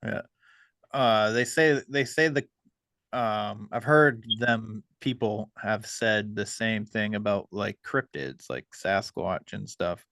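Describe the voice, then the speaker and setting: A man hosting a podcast, talking casually and hesitantly with many pauses. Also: on the low side, fairly bright tone, no room sound. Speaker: podcast host.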